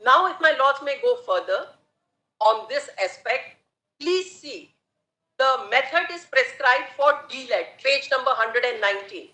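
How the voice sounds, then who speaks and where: A woman making a formal, deliberate argument to a court as an advocate. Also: sits high, lively intonation, bright, forceful tone. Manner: deliberate, formal, addresses the bench as my lords. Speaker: advocate arguing before the court. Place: large courtroom. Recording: roomy courtroom sound.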